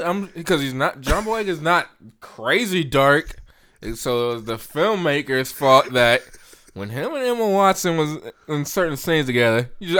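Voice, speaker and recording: Male podcast co-host with a crisp voice, sitting a bit high, chatty movie-rant delivery. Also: pushed and bright. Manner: laughs often while ranting. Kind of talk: casual movie review chat.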